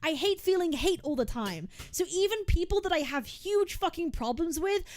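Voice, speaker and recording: A very high-pitched, expressive woman speaks at normal speed as a game streamer venting to her chat. Frustrated and heavily profane, she rants casually about her friends, often repeating words and starting over.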